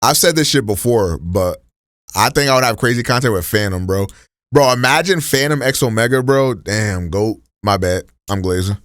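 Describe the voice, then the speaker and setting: A man's voice: lowish voice, animated, normal speed, fairly bright tone, dry recording, clean studio sound. A man streaming live, chatting casually in a rambling, profane, slang-heavy way as he reacts to videos.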